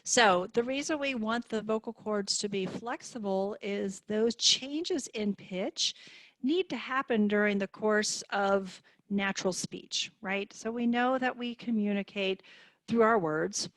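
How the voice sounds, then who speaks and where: A woman speech therapist explains and coaches in a clear, encouraging way. Her voice sits at an ordinary middle pitch. The sound is dry and close, as on a video call. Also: measured pace, no echo. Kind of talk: online therapy demonstration.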